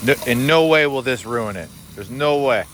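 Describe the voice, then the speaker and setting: A man's voice: medium pitch, expressive, moderate pace, a bit bright, a little hiss or hum. A man hosting a cooking vlog from an outdoor kitchen, talking in a laid-back, offhand, wry way as he cooks. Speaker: cooking channel host. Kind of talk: casual cooking vlog talk.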